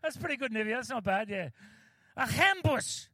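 A man's voice: sits high, expressive, fast talker, bright, forceful tone, dry recording. A man, a pastor giving a casual, joking sermon with many fillers and restarts, close to the mic.

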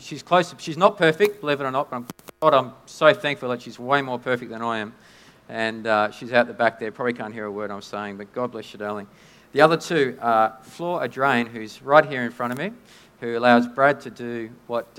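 A man preaching a sermon in a conversational, halting way, often restarting his sentences. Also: mid-range voice, fairly bright tone. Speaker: pastor. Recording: long hall reverb.

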